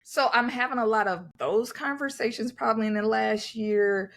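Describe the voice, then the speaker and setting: On a podcast she co-hosts, a woman speaks at normal speed in a slightly high voice. Her candid, animated storytelling includes acting out in quotes the remarks people made to her.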